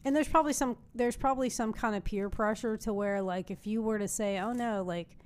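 A woman's voice: fairly high pitch, fairly even intonation, brisk, smooth. A middle-aged woman co-hosting a podcast, explaining things in a chatty, amused way. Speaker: podcast co-host. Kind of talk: casual conversational chat.

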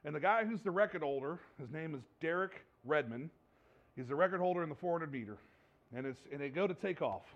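A man preaching a sermon as pastor, impassioned, swinging between hushed and loud delivery. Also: fairly high pitch, lively intonation, fairly quick, lo-fi sound.

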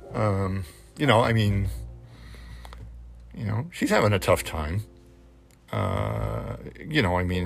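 A man speaking in a personal reflective monologue, halting and hesitant with many fillers, candid and casually swearing. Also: low-pitched, creaky.

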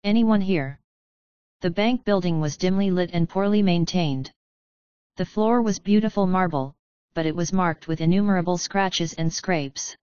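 A woman narrating a book chapter in a calm, measured storytelling manner. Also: on the low side, clean tone, no room sound, highs cut off. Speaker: audiobook narrator. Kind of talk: scripted narration.

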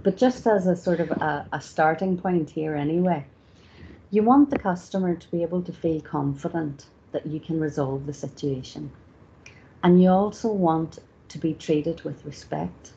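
Woman running a customer service training, low dark voice, kinda muffled recording w faint hiss. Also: normal speed, vocal fry. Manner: informal, many fillers like "you know" and "sort of". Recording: slightly dull lo-fi recording with faint background noise.

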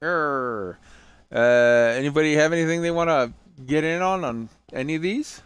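A man's voice: on the high side, a little fast, smooth, no room sound. A man hosting a casual gaming podcast, tired and jokey, swearing freely as he runs through the week's news. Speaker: podcast host.

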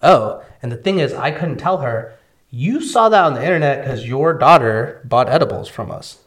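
A man's voice: medium pitch, moderate pace. Guy telling bakery stories in a loose podcast chat, does little voices for people. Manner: animated storyteller, acts out quoted people. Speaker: guest, bakery and edible business owner.

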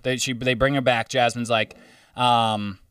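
A man's voice: medium pitch, little pitch movement, unhurried, fairly bright tone, clean tone, dry recording, clean studio sound, distant mic. A man telling a story in casual, profane podcast chat. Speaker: podcast co-host.

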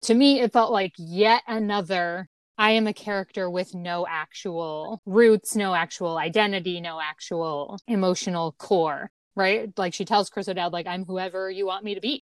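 A woman in a casual film discussion, making steady analytical points and often ending them with "right?". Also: on the low side, normal speed, smooth, no echo.

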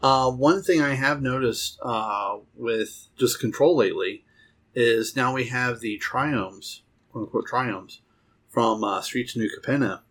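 A man with a husky, slightly breathy voice and a middle pitch, chatting on a podcast. He rambles along casually, stopping for fillers and restarting his sentences. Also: measured pace, fairly bright tone. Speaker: podcast co-host. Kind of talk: casual chat about card games.

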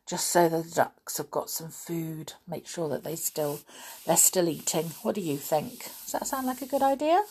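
A woman in her thirties reading a children's story aloud, gentle and chatty, talking directly to her listeners. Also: deep voice, slightly rough.

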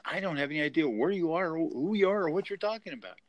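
A man quoting a brisk female dispatcher. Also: a little high, animated, muffled recording, a little hiss or hum, voice pushed up, close to an everyday voice.

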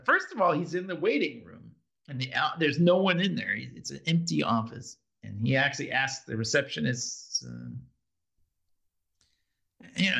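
A man's voice: a little high, gravelly, pushed and bright. A man co-hosting a podcast, animatedly retelling TV scenes in casual chat and acting out the quotes. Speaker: podcast co-host.

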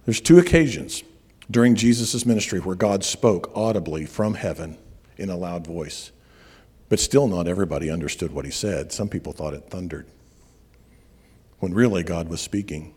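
A man preaching a sermon, telling stories and slowing down on key words for emphasis. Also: low-pitched, darkish tone, slightly rough. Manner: storytelling preacher, slows for emphasis. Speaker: pastor. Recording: long reverb of a large hall.

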